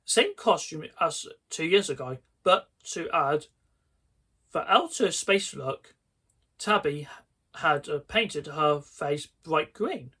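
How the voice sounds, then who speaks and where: A man reading a children's horror story aloud, slowly and deliberately, often restarting his words. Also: fairly high pitch, expressive, bright, forceful tone, slightly rough.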